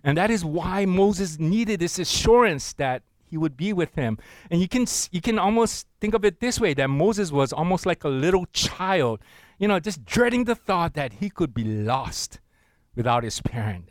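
A man's voice: fairly high pitch, very animated, normal speed, dry recording. A man preaching a sermon, leading the congregation in reading aloud and calling for responses, with frequent laughs. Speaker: pastor.

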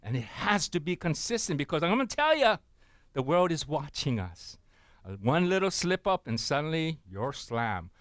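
A man preaching a sermon in a storytelling way. His voice sits fairly high and swings widely in pitch. The sound is dry and close, with no room echo. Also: very animated, moderate pace, fairly bright tone. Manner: storytelling preacher, asks the crowd "right?" and "amen?". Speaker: pastor.

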